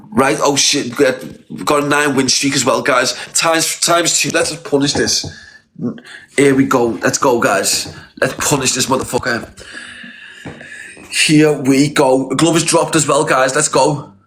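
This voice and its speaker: A man's voice: high voice, a bit bright. A man from Liverpool with a Scouse accent, ranting in a livestream call-out, repeating himself and swearing. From Liverpool, England. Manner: repetitive, confrontational, swearing. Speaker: live streamer.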